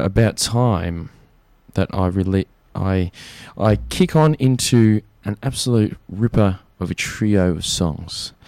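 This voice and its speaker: A young Australian man with a lowish, slightly mellow voice hosts a community radio show, chatting casually and jokily and rambling with plenty of fillers. There's no echo.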